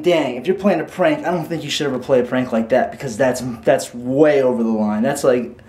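A man vlogging casually into a handheld camera, excitable and rambling, quick to laugh. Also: mid-range voice, slightly rough. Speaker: YouTube prank vlogger.

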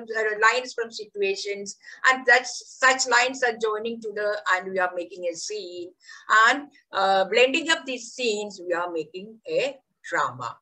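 A woman teacher leading an online workshop on theatre in education, telling a story in an enthusiastic, animated way over a video call. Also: fairly high pitch, low-quality recording.

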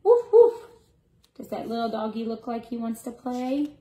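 A woman in her thirties, a preschool teacher reading a picture book aloud to young children in a warm storytime voice. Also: a little high, steady tone, normal speed, slight background noise, rough recording. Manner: warm sing-song storytime voice, barking the dog parts.

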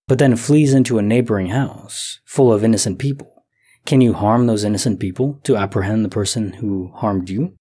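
Husky, mellow man in his thirties. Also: mid-range voice. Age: 30s. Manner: slow, soft, reflective, thinking aloud. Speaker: sleep story narrator. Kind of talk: calm musing commentary on listener stories.

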